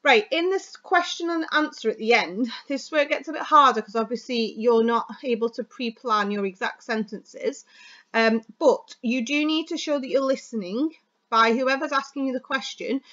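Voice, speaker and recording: A woman teacher giving a chatty, fast, expressive lesson on delivering speeches. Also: high-pitched, highs cut off. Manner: chatty, fast and expressive, stressing words for effect.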